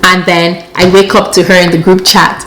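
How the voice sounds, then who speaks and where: A young woman in a casual storytime monologue, recounting events in an animated, exasperated way with plenty of slang. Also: on the low side, moderate pace. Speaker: storytelling vlogger.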